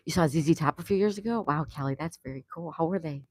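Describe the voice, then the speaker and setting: A woman's voice: low voice, fast talker, a little mellow, no room sound. A woman hosting a casual live stream, chatting and laughing as she greets viewers and answers their comments. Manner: laughs often. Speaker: livestream host. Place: home in Florida.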